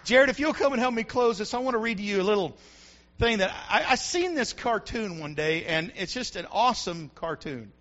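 High-voiced fervent preacher. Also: male voice, expressive, a little fast, highs cut off. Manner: preaching with rising fervor, shouting at peaks. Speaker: pastor. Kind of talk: sermon. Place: church.

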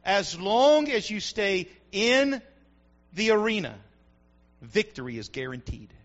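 A male pastor preaching a sermon in church, building to shouted peaks. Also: high-pitched, sing-song, slow, highs cut off.

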